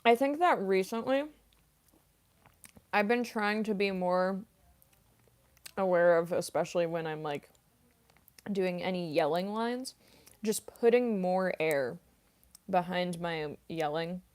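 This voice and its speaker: A woman's voice: on the low side, slow pace, long pauses, a little mellow. A young woman voice actress chatting casually on a livestream, reading chat aloud with lots of ums and likes while snacking on chips. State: eating chips while talking.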